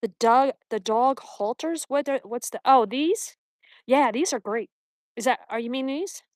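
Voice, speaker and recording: A woman's voice: sits high, measured pace, no echo, studio quality. Chatty woman streaming an outdoor dog walk. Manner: reads viewer comments aloud and baby-talks to her dog. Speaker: live-stream host. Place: outdoors at a mountain park.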